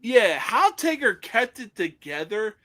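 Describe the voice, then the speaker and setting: A man in a casual chat over a video call, excitable and swearing freely. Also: sits high, measured pace, a loud crowd.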